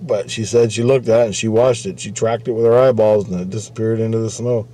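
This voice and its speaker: A man's voice: on the low side, fairly even intonation, fast, dark tone. A man casually telling a rambling story about a friend, repeating himself and swearing freely. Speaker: vlogger.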